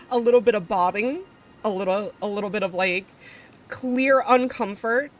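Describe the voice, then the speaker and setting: A woman's voice: mid-range voice, a little hiss or hum. Rambling, profane woman streamer telling a story. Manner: rambling, profane, many fillers and restarts. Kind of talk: casual storytelling to a live chat.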